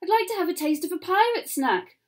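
A woman voicing an eager, excited little boy in a picture-book reading. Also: very high-pitched, fairly quick, pitched above the performer's own voice. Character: cheeky little boy hungry for adventure.

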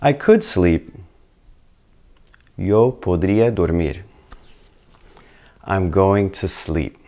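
A man's voice: sits low, lively intonation, very slow, mellow. Upbeat man teaching a language lesson. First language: English. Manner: upbeat, encouraging, talks straight to the learner. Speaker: Spanish teacher.

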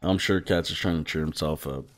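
A man's voice: extremely low pitch, fairly quick. A young man live-streaming a video game, chatting with viewers between bursts of swearing at the game. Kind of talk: casual live gameplay streaming.

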